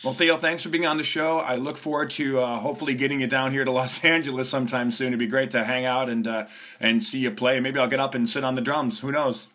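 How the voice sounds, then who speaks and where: Guy hosting a chill podcast, mid pitch, loose and jokey, cusses a bit. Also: steady tone, fast talker, fairly bright tone. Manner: loose, joking, swears freely. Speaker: podcast host. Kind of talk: casual podcast chat.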